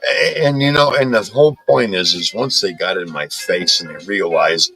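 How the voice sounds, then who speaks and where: A man's voice: low-pitched, moderate pace, creaky, few pauses, sharp tone, soft background music, rough recording. A man hosting a casual chat, blunt and defiant, swearing heavily with stammering restarts. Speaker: podcast host.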